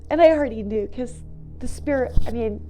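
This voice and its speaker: A middle-aged woman telling a personal story in a halting way, with many "you know"s, restarts and small laughs. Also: fairly high pitch, warm tone, soft background music.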